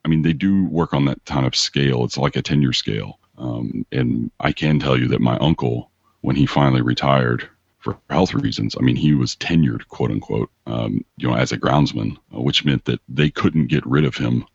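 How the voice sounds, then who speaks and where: A man's voice: rumbling low, normal speed, gravelly, breathy edge, no echo, muffled recording. A man chatting casually about tabletop game ideas, rambling and chuckling often.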